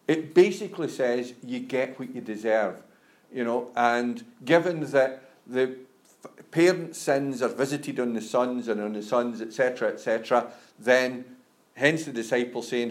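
A man's voice: mid-range voice, normal speed. A male preacher giving a conversational sermon, often saying "you know" and stammering on restarts.

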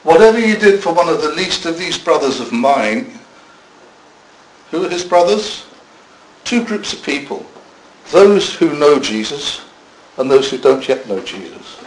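A man's voice: fairly high pitch, very animated, a little slow, slight background noise, low-quality recording. A man preaching a sermon in a church, conversational, with self-deprecating asides.

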